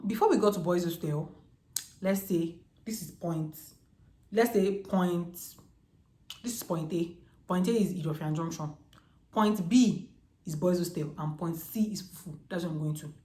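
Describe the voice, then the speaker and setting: A Nigerian woman in her twenties telling a storytime vlog in a lively, chatty way, full of slang. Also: lowish voice. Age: 20s. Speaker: vlogger. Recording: echoey room.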